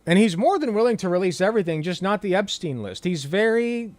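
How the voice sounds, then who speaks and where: A man's voice: high-pitched, very animated, a little fast, a little mellow, no room sound. A man giving casual political commentary. He reads news aloud and adds sarcastic asides, casual swearing and plenty of fillers.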